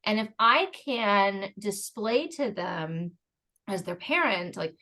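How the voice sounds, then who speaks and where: Woman, podcast guest, casual chat, animated, rambling tangents, acted-out quotes. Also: medium pitch, takes it slowly. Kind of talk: casual conversational interview.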